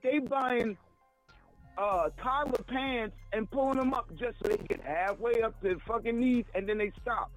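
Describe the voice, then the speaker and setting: High-voiced man ranting loudly over phone. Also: normal speed. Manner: loud, stammering, cursing rant. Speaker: radio show co-host calling in. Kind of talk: profane comic rant. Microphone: phone call. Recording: phone line with music behind.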